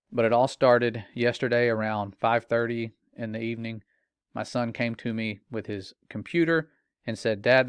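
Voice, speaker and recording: A middle-aged father gives an earnest personal testimony, telling his story in a warning tone with casual fillers. His mid-range voice is clear and resonant, with no room sound.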